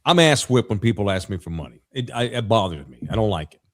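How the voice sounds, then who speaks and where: A man's voice: lowish voice, fast. A man co-hosting a sports podcast, chatting casually and telling jokey stories. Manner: jokey, animated storyteller. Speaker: podcast co-host. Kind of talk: casual chat.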